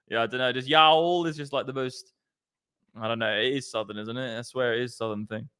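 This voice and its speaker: A man's voice: medium pitch, fairly even intonation, brisk, bright, forceful tone, clear, resonant tone. A man hosting a casual crypto livestream, chatty and slangy, swearing freely. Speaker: crypto stream host.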